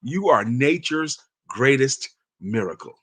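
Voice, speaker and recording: A man's voice: mid-range voice, animated, takes it slowly, slightly rough. A man in his fifties hosting an inspirational talk, telling stories and reading aloud in an emphatic, chatty way. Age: 50s. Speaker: motivational talk host.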